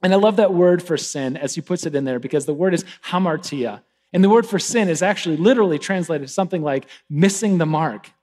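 High-pitched guy preaching, chatty sermon, gets loud then quiet. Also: a little fast. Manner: conversational, animated, swings between loud and hushed. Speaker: pastor.

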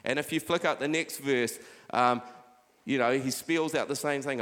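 A middle-aged man preaching a sermon, urging his listeners on with repeated "come on" and dropping quieter when he reads scripture aloud. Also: mid-range voice, normal speed. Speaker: pastor. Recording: long hall reverb.

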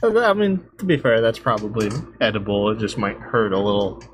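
A man's voice: fairly low pitch, sing-song, fairly quick, a crowd in the background. A man co-hosting a podcast in casual chat, joking and teasing himself in easygoing banter. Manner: jokey, self-mocking banter. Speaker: podcast co-host.

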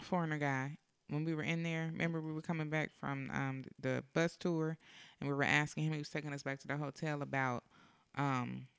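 A man with a fairly high, bright voice that has a gravelly edge, talking in a casual, teasing way. His speech is clear and smooth, and the recording sounds dry and close. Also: steady tone, fairly quick, dry recording. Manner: chatty, recalls details, teasing. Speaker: podcast co-host. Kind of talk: casual storytelling chat.

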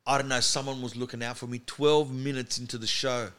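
A comedian telling animated stories as a podcast guest in a studio. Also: male voice, medium pitch, a little fast. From Australia. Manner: animated anecdote teller. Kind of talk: storytelling in podcast chat.

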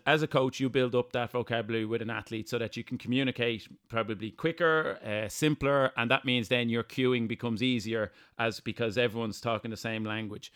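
A man's voice: medium pitch, fairly bright tone, clear, resonant tone. A man hosting a podcast interview, asking long, rambling questions full of fillers. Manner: rambling, many fillers and restarts. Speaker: podcast host.

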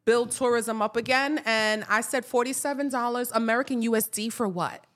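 A woman with a New York accent hosting a podcast, chatting casually and teasing her guest with quick banter. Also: fairly high pitch, fairly even intonation. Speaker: podcast host. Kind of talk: casual chat.

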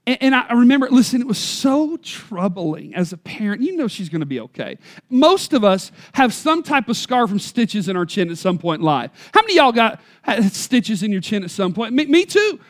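Male pastor, 30s, very high pitch, emphatic storytelling sermon. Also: big pitch swings, normal speed. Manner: storytelling, emphatic, varies loudness for effect. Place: church.

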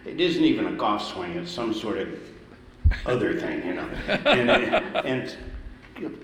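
A man's voice: on the low side, very animated, a little slow, a bit bright. A middle-aged man from the Valley in Los Angeles, a musician telling stories casually in an interview and acting out the voices he quotes. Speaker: musician, guest. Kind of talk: storytelling interview. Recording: roomy hall, ambient noise.

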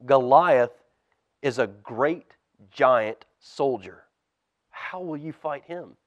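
A man voicing a king who doubts a young boy, measured and quiet, in a storybook reading. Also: medium pitch, animated, dry recording. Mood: doubtful.

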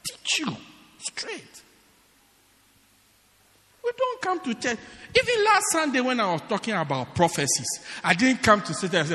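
A man preaching a sermon as pastor, emphatic and repetitive, swinging from shouts to hushed words. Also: very high-pitched, sing-song, normal speed, pauses often, long reverb tail. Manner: emphatic, repeats phrases for stress, swings between shouting and hushed tones. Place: church.

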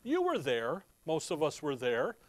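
A man preaches in an easy, conversational way and slips into stories. His voice sits a little high for a man. The sound is close and dry, with no room echo. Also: wildly swooping pitch, unhurried. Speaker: pastor. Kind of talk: sermon.

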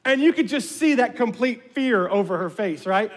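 Pastor guy w a really high voice, telling stories in his sermon, long echo of a church. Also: normal speed. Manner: storytelling, animated with his congregation.

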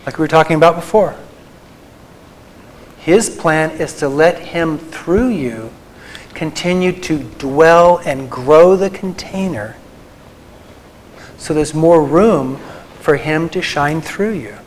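Man, somewhat high voice, earnest, tender, slow emphatic pauses, faith talk to a group. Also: lively intonation, a little hiss or hum, poor audio. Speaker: Christian psychologist speaker.

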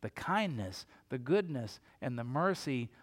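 A man's voice: mid-range voice, very animated, a little slow, long reverb tail. A male pastor preaching a sermon, building emphasis with rhetorical questions and repeated phrases.

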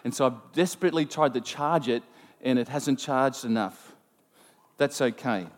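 A man preaching a sermon, telling a personal story in an animated, self-mocking way. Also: mid-range voice, normal speed. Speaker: pastor. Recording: long hall reverb.

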